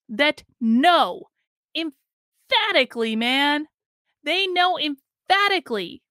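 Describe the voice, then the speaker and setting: A woman's voice: high-pitched, fairly bright tone, no echo, clean studio sound. A woman hosting a ranting political commentary stream, exasperated and emphatic, mocking others with sing-song quotes.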